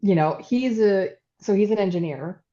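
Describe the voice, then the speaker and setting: A woman's voice: medium pitch, moderate pace, dark tone. A woman co-hosting a casual podcast as a business coach, chatty, with many fillers and asides. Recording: dull lo-fi sound.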